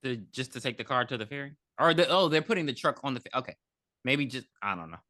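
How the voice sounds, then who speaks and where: A woman with a very low voice that is still bright adds wry asides to a podcast movie review. Her pitch moves a lot, and the recording is dry and close. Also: animated, quick pace, no room sound. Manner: wry, profane side comments. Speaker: podcast co-host. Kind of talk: casual movie review chat.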